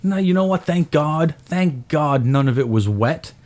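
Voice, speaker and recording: A man's voice: fairly high pitch, a little slow. A man in his thirties, a podcast host, telling a story in casual chat and acting out his own voice in quotes. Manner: animated, acts out his own yelling in quotes.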